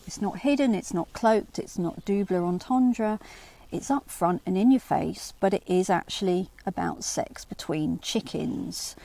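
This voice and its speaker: Her voice is medium-pitched, gravelly and mellow as this woman, the channel's host, lectures on riddles from the early medieval period. Long explanations come with restarts and rhetorical asides, and she reads lines of verse aloud.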